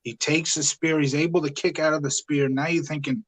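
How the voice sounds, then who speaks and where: Casual guy hosting a wrestling-review podcast, mid pitch, rambly easygoing chat, lots of uh's. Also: little pitch movement, brisk, hardly any pauses, rough recording. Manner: talkative, easygoing, frequent "uh" and "yeah". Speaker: podcast host.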